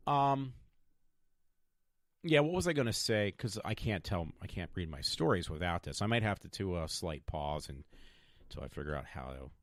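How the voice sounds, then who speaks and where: A man's voice: low voice, no room sound, studio quality. A man in his fifties talking in a meandering, stop-start way with many fillers, hosting his own podcast. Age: 50s. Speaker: podcast host. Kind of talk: rambling personal vlog.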